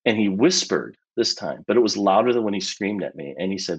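A man with a low, husky voice tells a story in an animated way, full of casual fillers. The audio is a bit dull and lo-fi. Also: brisk, hardly any pauses. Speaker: interview guest, filmmaker.

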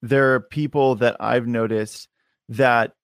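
A man's voice: medium pitch, fairly even intonation, slow pace, no room sound. A male podcast host chats casually in a mid-range voice. His remarks ramble and drift, full of fillers. The sound is dry and close. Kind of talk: casual chat.

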